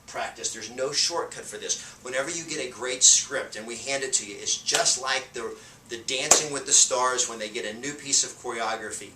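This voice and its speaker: A man giving a motivational real estate sales lesson, talking with energy and driving points home by repeating them. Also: mid-range voice. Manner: energetic and emphatic, drives points home with repetition; shifts loudness and pace to show a point. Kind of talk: motivational teaching talk. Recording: roomy sound from a distance off the mic.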